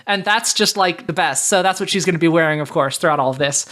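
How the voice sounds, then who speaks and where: A woman on a comedy podcast panel, pitching her case chattily with lots of "like" fillers and giggles. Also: fast, a bit bright.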